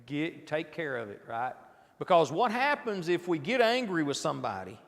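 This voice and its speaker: A man gives a casual sermon in a church, his voice sitting a little high for a man and carrying a gravelly edge. He keeps turning to his listeners with rhetorical questions and restarts his sentences as he goes. The sound rings with the long echo of a large church hall. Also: sing-song, normal speed. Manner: conversational, asks the audience rhetorical questions, frequent restarts. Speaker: preacher leading a midweek Bible class. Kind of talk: informal sermon. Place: church auditorium.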